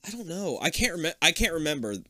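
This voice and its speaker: A man's voice: a little high, big pitch swings, quick pace, bright, forceful tone, no room sound. A young man co-hosting a podcast, chatting casually about a show in a rambling way with frequent swearing, close on a mic. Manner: rambling, swearing, laughs easily. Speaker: podcast co-host. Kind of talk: casual chat reviewing a show.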